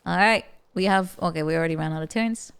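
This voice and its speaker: A woman's voice: fairly low pitch, fast, vocal fry, a bit bright, clean tone. A woman streaming a strategy game, chatting playfully and reacting animatedly, often repeating words as she stammers and laughing between remarks. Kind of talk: casual live game-stream chat.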